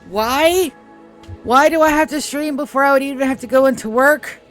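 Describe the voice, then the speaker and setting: A woman's voice: high voice, normal speed, soft background music. Groggy woman streamer with a morning voice. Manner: rambling, swears freely, chats to her cat. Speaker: game streamer. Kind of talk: casual live-stream chat.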